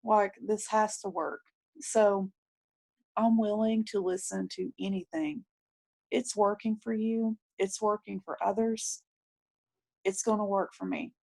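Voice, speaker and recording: Woman, video call, earnest, pleading, mid pitch. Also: fairly even intonation, unhurried, creaky, a little mellow. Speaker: new business recruit. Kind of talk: casual video call chat.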